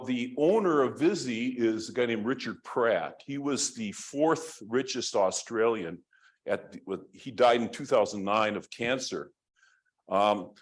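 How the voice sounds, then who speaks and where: A man giving a university lecture, telling a story in a rambling, conversational way with many restarts. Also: medium pitch.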